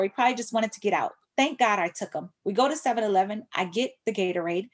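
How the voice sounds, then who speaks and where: A middle-aged woman, a podcast guest, telling a personal story in an animated way and acting out the voices she quotes. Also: brisk. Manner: animated, acts out quoted voices with big pitch jumps.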